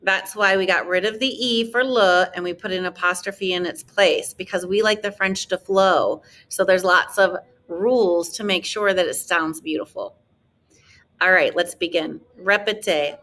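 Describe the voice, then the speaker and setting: A woman's voice: medium pitch, pushed and bright. A woman teaching a French lesson, explaining grammar in a chatty, encouraging way and drawing out model words for students to repeat. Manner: slow, drawn-out model pronunciations for repetition. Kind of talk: classroom language lesson.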